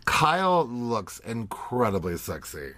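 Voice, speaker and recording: A man's voice: medium pitch, very animated, slow pace, heavy background noise. A man co-hosting a podcast, chatting playfully while recapping a reality TV episode. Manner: chatty, playful, slips into quoting voices. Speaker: podcast co-host.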